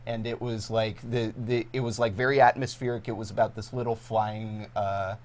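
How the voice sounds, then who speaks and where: A young adult man, a voice actor, chatting casually as an interview guest, rambling and animated. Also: fairly low pitch, moderate pace.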